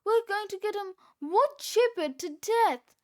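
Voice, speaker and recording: Woman doing a shouting excitable boy. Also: high-pitched, measured pace. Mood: urgent. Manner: yelling, urgent. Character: bossy quick-thinking young boy, excitable.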